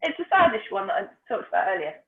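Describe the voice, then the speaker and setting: A woman calmly reading a poem aloud on a video call. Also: mid-range voice, fast. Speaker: reader. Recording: tinny phone-like call audio.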